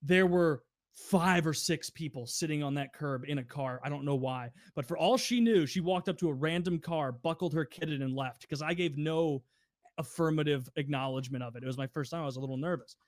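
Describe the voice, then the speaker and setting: Young adult male podcast co-host, animated storyteller, slightly higher pitch, dry close-mic sound. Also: brisk, dry recording. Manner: animated, swearing, acts out quoted customers. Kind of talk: casual storytelling.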